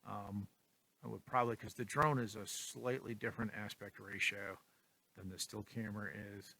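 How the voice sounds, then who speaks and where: Bright-voiced man rambling through a photo tutorial. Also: lowish voice, moderate pace, gravelly, husky. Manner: relaxed, rambling, many ums and likes. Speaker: photography vlogger. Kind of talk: casual tutorial talk.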